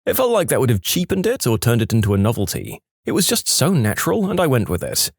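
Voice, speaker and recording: A man narrating online stories in a wry, animated, scripted way. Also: medium pitch, quick pace, gravelly, no room sound, clean studio sound. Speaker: story narrator.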